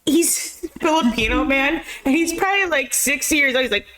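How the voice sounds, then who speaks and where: A woman's voice: high voice, moderate pace, pushed and bright. A woman co-hosting a live movie chat show, talking casually and slangily and laughing a lot. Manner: laughs often, slangy and loose, says "bro". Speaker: podcast co-host.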